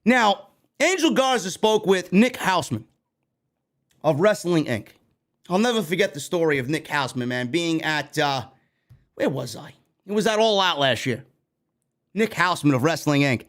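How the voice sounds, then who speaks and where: A man from New York runs a wrestling news show in a heated, profane rant. His voice sits high and leaps up and down with lively pitch swings. He swears freely and keeps the energy up. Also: unhurried, pauses often. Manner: animated, heated, heavy swearing. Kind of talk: profane ranting commentary.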